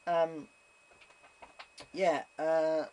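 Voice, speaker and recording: A young man chats casually to the camera, rambling, circling back and restarting his sentences. His voice sits a little high, and faint background noise runs under it. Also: level tone, extremely slow, darkish tone. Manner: rambling, lots of ums and restarts. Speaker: vlogger. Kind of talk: casual chat.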